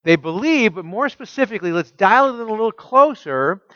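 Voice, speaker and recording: A man preaching a teaching sermon, asking his listeners rhetorical questions and reading scripture aloud slowly with emphasis. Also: sits high, expressive, sharp tone, dry recording, highs cut off. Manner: asks the congregation rhetorical questions. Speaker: pastor.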